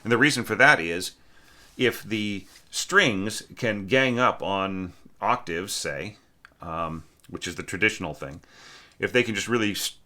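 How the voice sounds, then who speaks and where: Deep-voiced man critiquing an orchestration. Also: measured pace, bright, forceful tone. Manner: rambling, many fillers and restarts, frequent "right?". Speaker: orchestration teacher giving feedback. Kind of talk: casual spoken critique.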